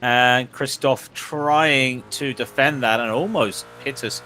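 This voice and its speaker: A man's voice: mid-range voice, takes it slowly, pushed and bright, slight background noise. A man with a West Country accent doing chatty, jokey co-commentary on a sim race, rambling and restarting often. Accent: West Country English. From England.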